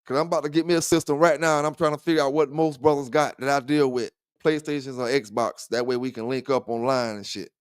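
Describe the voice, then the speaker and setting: A man's voice: mid-range voice, steady tone, quick pace, few pauses, clean tone, no room sound, clean studio sound. A man hosting a livestream dog talk show, chatting loosely with viewers in profane trash talk and laughing often. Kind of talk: casual livestream chat.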